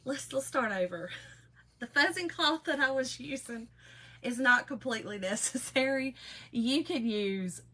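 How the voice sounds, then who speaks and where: Chatty woman, bright voice. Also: sits high, animated, measured pace, husky, poor audio. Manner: chatty and folksy, greets viewers by name, laughs often. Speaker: craft livestream host. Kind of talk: casual livestream craft demo, chatting with viewers.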